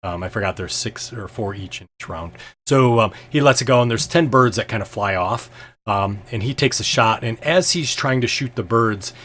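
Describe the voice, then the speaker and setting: A man's voice: mid-range voice, fairly bright tone, slight background noise. A man narrating as game master of a tabletop game, casual and full of fillers.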